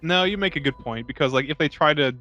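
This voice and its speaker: A man's voice: a little high, pushed and bright, dull audio. A man co-hosting a podcast, riffing loosely on a movie and swearing casually while he talks. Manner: loose, sweary, quick to riff. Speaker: podcast co-host. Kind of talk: casual movie chat over beer.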